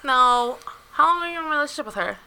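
A frank, teasing woman chats as a podcast guest. Her voice is very bright and piercing and sits fairly high, and she speaks into a studio podcast mic. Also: expressive, fast, poor audio. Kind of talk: casual podcast chat.

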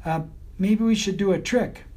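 A man's voice: high-pitched, moderate pace, a little mellow, voice pushed up, lightly acted. A man putting on a sultry, vain lady beagle. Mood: cool. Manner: sultry, coy, teasing. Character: glamorous sultry female beagle, vain, flirtatious. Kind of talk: audiobook character voice.

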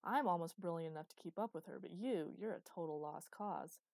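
A woman's voice: on the low side, brisk, gravelly, a little mellow, no echo. A woman voicing a playful, mock-dramatic man who teases his family aboard a small ship, in a storybook reading. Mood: teasing. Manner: playful, mock-theatrical teasing. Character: teasing, dramatic adult male spaceship partner.

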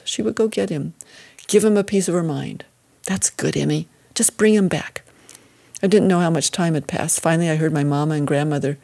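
A woman reading a first-person story as an audiobook narrator, steady and measured. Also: low-pitched.

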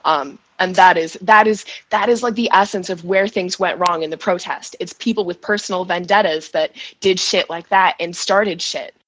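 A shaken woman giving an emotional first-person account as a guest, halting and restarting, with nervous laughs. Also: fairly low pitch, fairly bright tone, breathy edge, rough recording. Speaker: guest recounting events.

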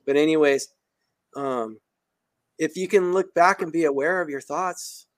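A man hosting a podcast, talking in a casual, emphatic and excitable way with slang. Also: on the high side, measured pace, no room sound. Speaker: podcast host.

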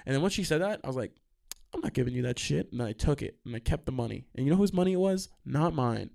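Animated young man rambling through stories. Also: medium pitch, creaky. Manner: animated, profane, trails into quick asides and restarts. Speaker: podcast host. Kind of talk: casual rambling storytelling.

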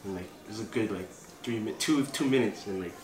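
A young man with a Hawaii Pidgin accent telling a school story in a relaxed, swearing casual podcast chat. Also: fairly low pitch, a little fast, recorded from a distance. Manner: laid-back, swearing freely. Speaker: podcast co-host. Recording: echoey room, lively group around.

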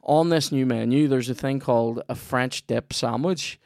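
A Northern Irish podcast host rambles through a sponsor read full of swearing and jokes. His voice is medium-pitched and a little mellow with vocal fry, at a normal speed, captured in a dry, clean studio recording.

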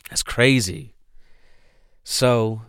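A man's voice: mid-range voice, very slow, fairly bright tone, smooth, dry recording, studio quality. A man hosting a casual podcast, laid-back and slangy, rambling with lots of restarts. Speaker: podcast host. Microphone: podcast microphone.

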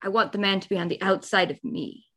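A woman's voice: medium pitch, fairly even intonation, quick pace, bright, forceful tone, breathy edge. A young woman in casual podcast chat, rambling and chatty with laughing asides.

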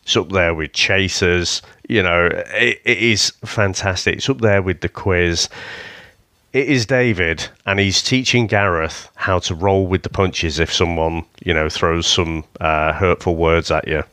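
A man's voice: deep voice, unhurried, pushed and bright, no room sound, clean studio sound. A man co-hosting a podcast, chatting casually and easily about a comedy series, often seeking agreement with his co-host. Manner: easygoing, asking for agreement. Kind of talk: casual chat.

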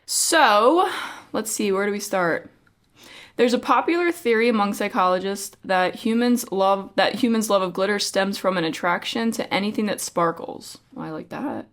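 A woman's voice: medium pitch, normal speed, fairly bright tone. A woman co-hosting a casual craft podcast, reading articles aloud in a playful, teasing way and stumbling over hard words. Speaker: podcast co-host.

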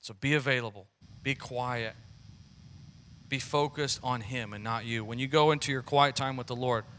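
Bright-voiced man preaching a sermon. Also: medium pitch, moderate pace, a little hiss or hum. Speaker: pastor.

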